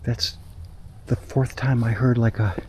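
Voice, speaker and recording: A man narrating his solo night walk outdoors through snowy woods as a paranormal investigator, jumpy and excitable, talking to himself. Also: medium pitch, a little hiss or hum. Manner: excitable and jumpy, talks to himself, quick nervous laughs. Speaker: paranormal investigator, channel host.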